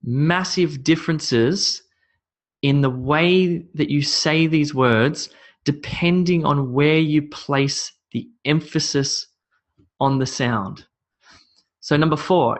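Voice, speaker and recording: A man's voice: on the high side, unhurried. A man teaching English pronunciation, repeating words with shifting stress and laughing off his own slips. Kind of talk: spoken English lesson.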